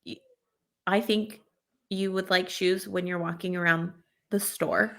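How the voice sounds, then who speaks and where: Woman, podcast guest, gravelly fry, chatty, frank. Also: fairly low pitch, steady tone, a little slow, fairly bright tone. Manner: chatty, frank, often laughs. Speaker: podcast guest, stay-at-home parent. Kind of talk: casual podcast conversation.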